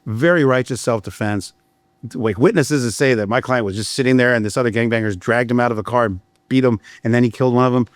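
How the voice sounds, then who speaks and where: Speaking fast in a mid-range voice with no room sound, a middle-aged criminal defense attorney shares blunt, profane stories on a candid podcast. He restarts his stories often.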